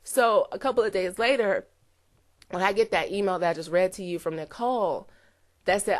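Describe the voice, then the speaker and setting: A woman's voice: medium pitch, moderate pace. A woman giving an earnest, emotional testimonial to camera, close to tears, with many "you know" fillers. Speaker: network marketer giving a testimonial.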